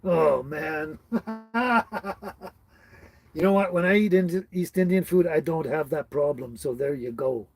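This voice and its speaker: A man's voice: on the high side, slow pace, faint music behind, poor audio. A middle-aged man hosting a casual live stream, chatting with viewers by name in a rambling way and laughing often. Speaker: livestream host.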